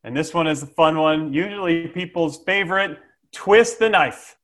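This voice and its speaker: Sales coach, male, slightly high pitch, animated and playful, frequent "okay?". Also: normal speed. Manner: lively, jokey, with frequent "okay?" check-ins. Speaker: sales trainer. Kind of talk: instructional sales talk.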